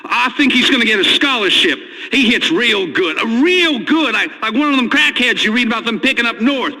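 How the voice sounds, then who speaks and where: A weepy, bumbling radio caller who stammers through every sentence in a very high, thin voice. His tearful voice swings wildly, with a long hall reverb behind it. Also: animated, a little fast, pushed and bright, exaggerated voice. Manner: stammering, hesitant. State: crying.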